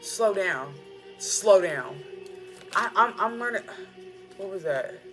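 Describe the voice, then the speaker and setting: A woman's voice: medium pitch, animated, unhurried. A woman giving a casual, slangy spiritual pep talk while reading tarot cards. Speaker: tarot reader. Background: background music.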